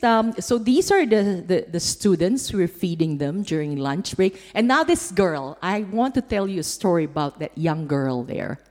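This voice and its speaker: A woman's voice: fairly low pitch, darkish tone. Heartfelt woman speaking in echoing hall. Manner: heartfelt, emotional storytelling. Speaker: church mission speaker. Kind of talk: church testimony with slides.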